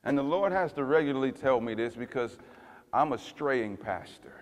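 A man preaching a sermon as pastor, swinging from loud fiery passages to hushed tender ones. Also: medium pitch, animated, moderate pace, long reverb tail.

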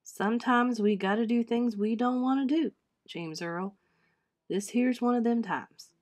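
A woman reading aloud, voicing a gentle but firm older uncle who speaks low and steady. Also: a little slow, lightly acted.

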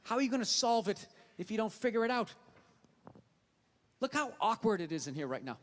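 A man's voice: high-pitched, big pitch swings, a little fast. A man performing a stand-up comedy routine, ranting through a profane, exasperated story.

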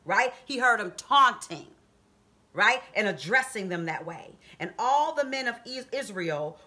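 A woman preaching a sermon, reading scripture and explaining it, then rising to high, emphatic calls to her listeners. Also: bright, forceful tone. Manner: reads scripture and explains it conversationally. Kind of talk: sermon on a live video stream.

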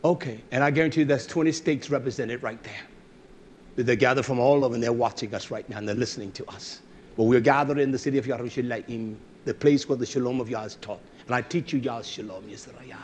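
A male preacher giving a fiery, blunt sermon, swinging from shouts to low asides. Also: a little fast, husky.

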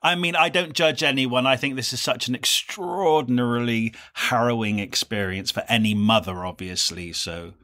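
A man's voice: medium pitch, moderate pace, hardly any pauses, bright, forceful tone. Earnest man co-hosting a book podcast. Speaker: podcast co-host. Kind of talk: casual book-discussion chat.

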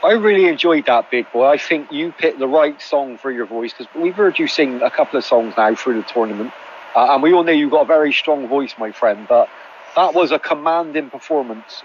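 A man judging a singing contest over a video call, giving measured, appreciative feedback. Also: medium pitch, slight background noise. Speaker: contest judge. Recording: slightly muffled online call audio.

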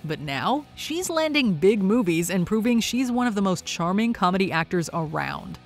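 A woman's voice: mid-range voice, lively intonation, moderate pace. A woman narrates a countdown in an upbeat, playful scripted read. Her mid-range voice moves up and down with plenty of life. Faint music plays beneath her. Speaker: countdown host.

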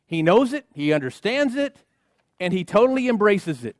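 A man's voice: very high voice, big pitch swings, normal speed, dry recording, clean studio sound. A man preaching a sermon as a pastor, speaking emphatically and driving his points home through rhythmic repetition and call-outs to the congregation. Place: church sanctuary.

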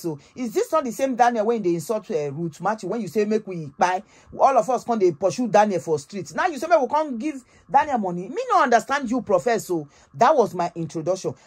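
A woman with a Nigerian accent hosting a gossip channel, retelling a story in a dramatic, animated way with frequent exclamations. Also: mid-range voice, breathy edge. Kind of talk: casual storytelling gist in Pidgin.

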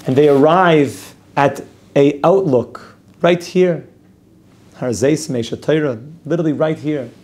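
A man's voice: fairly high pitch, slow pace, darkish tone. A man teaching an outdoor Torah class as a rabbi. He tells stories with energy and repeats phrases for emphasis. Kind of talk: spoken Torah lesson with storytelling. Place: outdoors at a lookout over a city.

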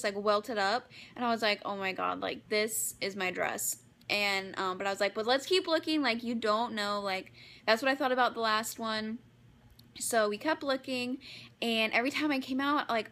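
A woman's voice: on the high side, fairly bright tone. A young woman in her twenties chatting to camera as a beauty vlogger, gushing and filling her talk with "like". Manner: gushing, fills every phrase with "like". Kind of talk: casual chat to camera.

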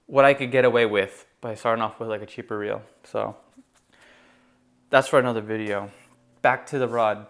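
A young man casually reviewing a fishing rod in a relaxed, rambling way, with lots of fillers and bursts of enthusiasm. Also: mid-range voice. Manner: enthusiastic about gear. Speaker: gear reviewer.

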